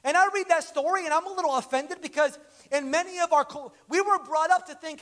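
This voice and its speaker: Male preacher, unusually high voice, animated storyteller, conversational sermon. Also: fairly quick. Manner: animated, acts out dialogue in stories.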